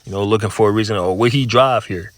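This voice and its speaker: Guy with a lowish voice preaching casual, cussing, lotta "you know man okay", dry close sound. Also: quick pace, no room sound. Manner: profane, repeats words and fills with 'you know', 'man', 'okay'. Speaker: religious speaker. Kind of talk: casual spoken testimony.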